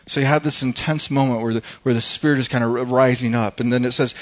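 A man's voice: mid-range voice, fairly even intonation, fast. A man preaching a sermon as pastor, earnest, and often repeating and stumbling over words. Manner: earnest, stammering repetitions. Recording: dull lo-fi sound.

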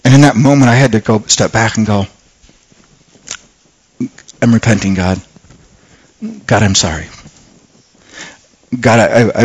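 A man preaching a sermon in an earnest, halting way, often restarting his words and dropping soft when he prays. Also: mid-range voice.

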